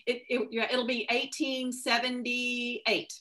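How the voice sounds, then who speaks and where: A woman novelist, a guest on a video call, telling stories in a casual, animated way with many restarts. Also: a little high, slow pace. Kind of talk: casual conversational interview.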